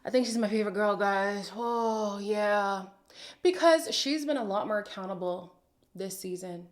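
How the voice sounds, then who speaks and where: A woman's voice: mid-range voice, unhurried. A woman hosting a reality TV recap who reacts in a sassy, dramatic way, with sighs and sudden whispers. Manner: sassy and opinionated. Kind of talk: casual reaction commentary.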